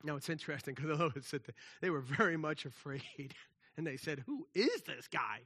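Animated, bright-voiced male preacher. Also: fairly high pitch, a little fast, breathy edge. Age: adult with children. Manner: animated, conversational preaching with casual slang; drops to a soft, hushed voice for quiet passages. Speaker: pastor. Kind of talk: sermon.

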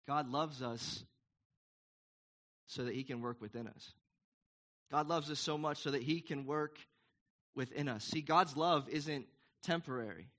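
A man's voice: medium pitch, normal speed, long pauses, fairly bright tone. A man preaching a sermon in an earnest, emphatic, conversational way, asking the congregation questions. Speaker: pastor.

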